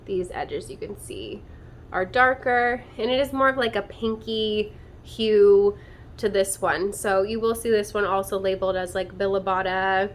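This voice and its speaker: A woman's voice: medium pitch, unhurried. Young woman, casual home vlog host, chatty and bubbly, mid-range voice, light room noise. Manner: bubbly and chatty, with lots of "like" and "um" fillers. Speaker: plant channel host. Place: indoors at home among houseplants.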